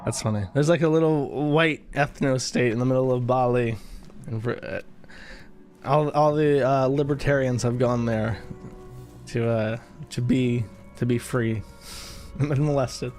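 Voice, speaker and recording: A man's voice: medium pitch, fairly even intonation, a little slow, a little mellow, faint music behind. An American man streaming live, reading viewer donations aloud with wry, offhand remarks. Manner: wry, offhand, chuckling asides. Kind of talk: casual live-stream chat.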